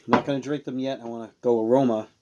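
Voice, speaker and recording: A man's voice: medium pitch, steady tone, racing, lo-fi sound, background noise. A man casually reviewing and tasting beers on a show he hosts, rambling and searching for words as he goes. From Rhode Island. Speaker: beer reviewer.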